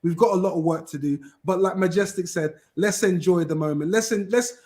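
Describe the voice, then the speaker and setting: A man chatting casually as a fan on a football podcast, rambling and animated with many restarts. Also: high-pitched, brisk. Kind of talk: casual chat.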